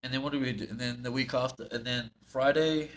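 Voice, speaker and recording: A man with a New Zealand accent co-hosting a podcast. He chats in a relaxed way, with easy laughter. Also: mid-range voice, a little fast, a little hiss or hum. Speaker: podcast co-host, pro wrestler. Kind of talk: casual podcast chat. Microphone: podcast microphone.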